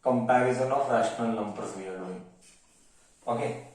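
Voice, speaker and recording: Echoey Indian maths teacher, repeating himself. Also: male voice, mid-range voice, moderate pace, darkish tone. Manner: repeats each phrase, mixes Hindi into English, quizzes the class. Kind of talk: classroom maths lesson. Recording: very echoey room, mic far off.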